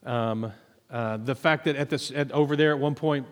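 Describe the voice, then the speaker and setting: A man who is a minister and psychologist, telling personal stories in a relaxed, self-deprecating way, with many ums. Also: mid-range voice, normal speed. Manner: conversational, self-deprecating storytelling with many fillers. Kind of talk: sermon testimony. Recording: echoey hall reverb.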